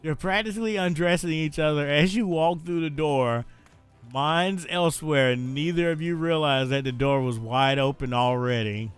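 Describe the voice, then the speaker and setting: A man's voice: on the high side, moderate pace, clean tone, faint music behind. A man streaming a dating game, reading its text aloud with playful joking asides.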